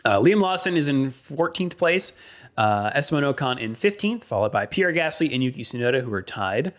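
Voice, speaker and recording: A man co-hosting a motorsport podcast, reading weather and standings in a steady way with frequent ums and uhs. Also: medium pitch, a little fast. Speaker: podcast co-host.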